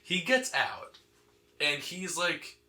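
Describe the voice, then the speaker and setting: A man hosting a podcast, recapping a comic story in casual, animated chat, full of "like" and quick laughs. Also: on the high side. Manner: animated, laughing, lots of fillers like "like". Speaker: podcast host. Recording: echoey room.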